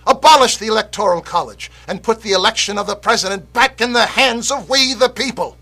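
An actor playing a fiery male patriot orator, delivering an impassioned scripted speech that swings from loud rallying cries to hushed warnings. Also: sits high, brisk. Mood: rousing. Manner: rousing, declamatory, swings from shouting to hushed. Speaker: actor in a political video.

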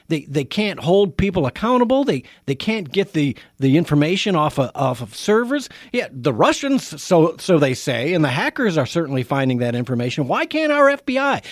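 A man's voice: medium pitch, no echo, studio quality. A man hosting a political talk radio show, firing off indignant rhetorical questions and restarting his sentences. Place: radio studio.

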